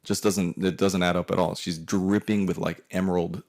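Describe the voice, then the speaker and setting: A man in his forties spins a profane, rambling family story and often stops to restart his sentences. His voice sits very low, with plenty of gravelly fry. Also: level tone, normal speed, darkish tone. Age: 40s. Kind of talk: comedic personal storytelling.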